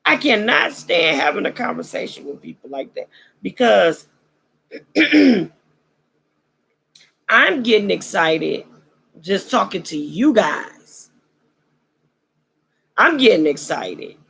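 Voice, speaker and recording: A woman vlogger speaks in an unhurried way, preachy and roasting, with slangy phrasing. Her voice is deeply gravelly and husky, and it rises and falls a lot. Her throat sounds dry, as if she is losing her voice. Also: big pitch swings, fairly bright tone, poor audio. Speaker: vlog host. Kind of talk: casual commentary monologue.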